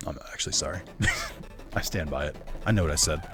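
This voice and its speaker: With music underneath, a man speaks in a rumbling low voice, a little fast. He gives rambling live-stream commentary while playing, full of filler and self-corrections, and talks with his viewers.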